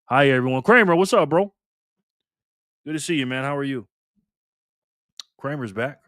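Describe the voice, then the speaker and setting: A man's voice: mid-range voice, animated, normal speed, a bit bright, no echo, clean studio sound. A man hosting a casual live stream, cheerfully greeting viewers by name and chatting as he spins a prize wheel.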